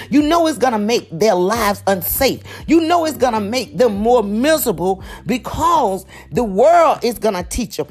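A woman's voice: on the high side, darkish tone, slightly rough. A woman giving an emphatic, preachy motivational talk, calling out to her listeners with faint music behind her. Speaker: motivational speaker.

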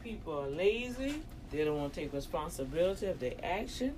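A woman's voice: lowish voice, very animated, brisk, a little mellow, slight background noise. A woman with a New Orleans accent talking to her viewers in a casual, preachy monologue, full of emphatic rhetorical questions. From New Orleans, US South. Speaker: vlogger addressing her online family.

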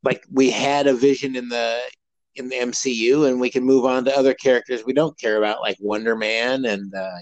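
A man's voice: mid-range voice, fairly even intonation, a little fast, no echo, poor audio. A man co-hosting a podcast, chatting casually and rambling with many fillers and restarts. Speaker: podcast co-host. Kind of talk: casual chat.

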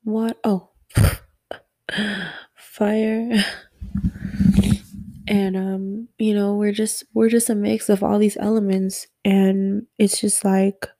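A sleepy young woman musing softly and rambling in a late-night personal audio diary about being a mother. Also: medium pitch, level tone, no room sound. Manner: slow, rambling, soft-spoken, yawning.

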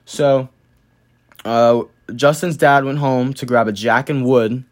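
A man's voice: medium pitch, fairly even intonation, slow. A young man casually telling a story to the camera, loose and profane, full of slang and fillers.

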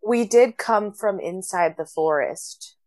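A woman's voice: mid-range voice, animated, takes it slowly, darkish tone. A woman playing a tabletop role-playing game with friends, chatting casually and laughing often. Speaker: player.

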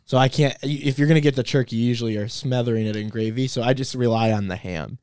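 A man's voice: mid-range voice, steady tone, fast, darkish tone, clean tone, dry recording, studio quality. A young man, a college student, chatting casually on a podcast, laid-back and laughing often. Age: young adult. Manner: laid-back, laughs often, loose filler-heavy phrasing. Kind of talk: casual chat.

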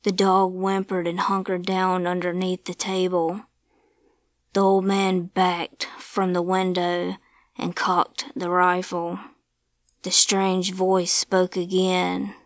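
A woman tells a ghost story at a very slow, deliberate pace, her voice sitting fairly low. The recording is dry and close, with no room sound around her. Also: monotone, no room sound. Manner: slow, measured storytelling, sometimes hushed. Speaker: narrator. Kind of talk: scripted ghost story narration.

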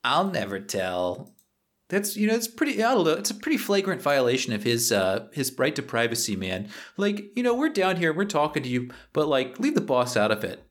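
A man's voice: a little high, huge pitch swings, a little fast, pitched above the performer's own voice. Guy doing a jittery thief, stutters a lot, voice jumps around. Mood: evasive. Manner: stammering, jittery, pleading. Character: nervous male thief hiding underground.

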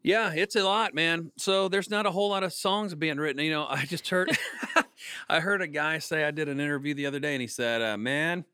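A man in his thirties telling family stories in a casual interview, animated and full of jokes. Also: on the high side, brisk, smooth, no echo, clean studio sound. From Kansas, United States. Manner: animated, jokey storyteller. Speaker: singer-songwriter guest.

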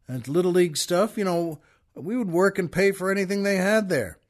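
This male podcast host, whose voice sits high and moves at a normal speed, spins a lengthy tale. He's folksy and conversational, addressing his audience directly throughout the monologue.

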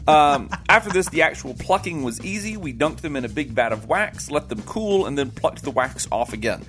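A man's voice: a little high, animated, moderate pace, a bit bright, soft background music. Man dryly reading listener mail. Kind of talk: reading a listener email aloud.

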